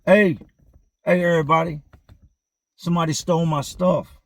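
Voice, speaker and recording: A man voicing a robbed male inmate who loudly pleads with his dorm to return his things. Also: a little high, steady tone, moderate pace, no room sound, voice pushed up, natural voice. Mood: loud pleading. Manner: loud, pleading, repetitive.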